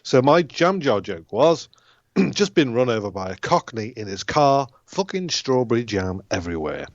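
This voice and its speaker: A man hosts a loose comedy podcast, rambling through jokes and swearing casually. His voice sits at an ordinary pitch and comes through slightly dull and lo-fi. The sound is dry and close. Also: sing-song, moderate pace, no room sound.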